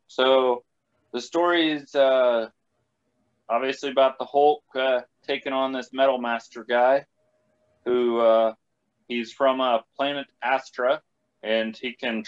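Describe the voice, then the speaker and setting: A man in a casual podcast chat, talking in a halting, hesitant way with many restarts. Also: mid-range voice, smooth. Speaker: podcast regular. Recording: dull lo-fi sound.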